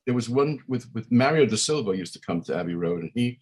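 A man's voice: mid-range voice, expressive, quick pace, darkish tone, slightly rough. A man, a musician guest chatting in an interview and rambling with many fillers and restarts. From Brooklyn, New York. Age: 60s. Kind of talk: casual interview chat.

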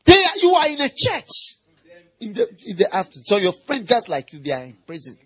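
Lively high-voiced preacher. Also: male voice, fairly quick. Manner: animated and playful, mimics animal noises, questions the congregation. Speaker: pastor. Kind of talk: sermon.

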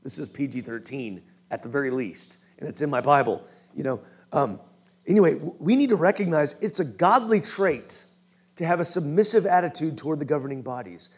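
A male pastor preaching a conversational sermon who keeps checking in with his listeners. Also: on the high side. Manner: informal, often checks in with the listeners.

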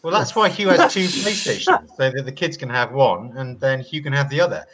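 A man's voice: medium pitch, animated, brisk, roomy sound, noisy background. A man in casual podcast chat, teasing dryly and running himself down. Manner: self-deprecating, dry teasing. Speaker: co-host.

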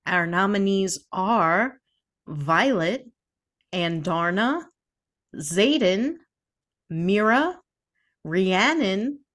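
A woman's voice: medium pitch, fairly bright tone. A woman co-hosting a book podcast in casual chat, announcing awards cheerfully with frequent laughs. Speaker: podcast co-host.

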